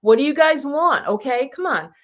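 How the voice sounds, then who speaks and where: A woman's voice: sits high, animated, moderate pace. A woman hosting a live stream for her channel, chatting casually with viewers in a rambling, laughing way. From United States. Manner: chatty and warm, with frequent laughs and rambling asides. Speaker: YouTube channel host.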